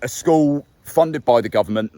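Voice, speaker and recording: A man's voice: medium pitch, normal speed, dark tone, no room sound. A young man with a neutral middle-class English accent, explaining a subject to camera in a casual, conversational way and stressing key words. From England. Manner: conversational, self-correcting, emphatic on key words. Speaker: YouTube host. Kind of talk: casual talking-head explainer.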